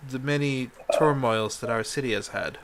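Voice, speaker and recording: A man's voice: medium pitch, normal speed, creaky, fairly bright tone. A man voicing a regal queen who speaks in a formal, stately way.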